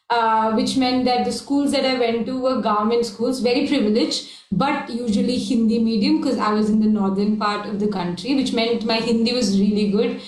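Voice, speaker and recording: A woman's voice: on the high side, darkish tone. South Indian woman telling her story. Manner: brisk storytelling. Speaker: improv performer on a panel. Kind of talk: panel discussion. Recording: echoey room.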